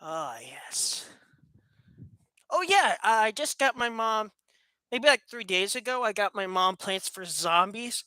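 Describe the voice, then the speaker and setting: Woman vlogger, goofy rambling home chat to webcam, bright, dry sound. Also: medium pitch, animated, slow pace, no echo. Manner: playful, rambling, laughs often, jokes sarcastically. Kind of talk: casual chat to camera. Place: room at home with a fast fan running.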